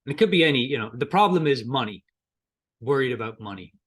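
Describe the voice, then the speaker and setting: A man's voice: medium pitch, lively intonation, fast talker, fairly bright tone, husky. A middle-aged man teaching a coaching lesson in a conversational way, acting out both coach and client in short quoted exchanges. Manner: conversational, with repetitions and restarts. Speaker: coaching trainer. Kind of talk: coaching lesson with role-played client dialogue.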